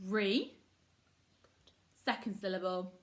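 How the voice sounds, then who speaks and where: A woman's voice: medium pitch, takes it slowly. A woman teaching a phonics lesson to young children, upbeat and encouraging, sounding words out syllable by syllable. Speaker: primary school teacher.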